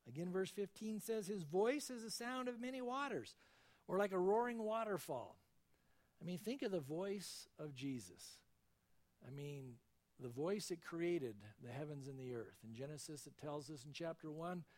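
A man preaching a verse-by-verse sermon, fervent and emphatic, his voice jumping up in loud peaks. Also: on the high side. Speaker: pastor.

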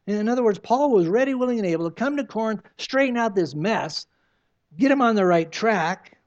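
An older man preaching in a loose, conversational way, often dropping into little acted voices to make a point. His voice sits high for a man. The recording sounds dull and lo-fi. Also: expressive, brisk. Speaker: pastor. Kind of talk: sermon.

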